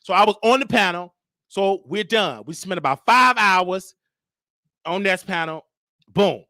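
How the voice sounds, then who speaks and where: This man has a high voice and speaks a little slowly, captured in a dry, studio-quality recording. He's a show host telling a story as casual commentary, animatedly acting out the exchanges he describes.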